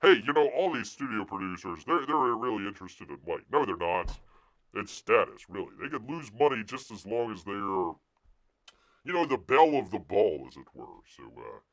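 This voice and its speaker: A man's voice: lowish voice, very animated, moderate pace. A man hosting a live stream, reading news articles aloud and mocking them with sarcastic asides, exclamations and put-on voices. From United States.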